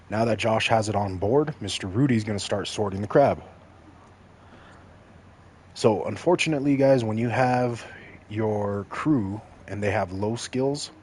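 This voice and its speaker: A man's voice: lowish voice, slight background noise. A man from Mexico giving casual, joking commentary while streaming a video game and talking straight to his chat.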